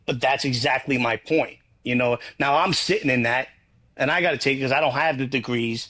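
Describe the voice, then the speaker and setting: A man's voice: medium pitch, brisk, fairly bright tone. A man, a guest in a casual interview, talking bluntly in long, rambling runs and swearing freely. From New York.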